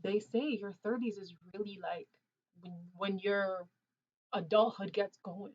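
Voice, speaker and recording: A woman's voice: medium pitch, steady tone, measured pace, darkish tone, dull audio. A woman in her mid twenties hosting a casual livestream, chatting with viewers and laughing often in loose slangy talk. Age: 20s. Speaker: livestream host. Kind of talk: casual livestream chat reading viewer comments. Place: Ontario, Canada.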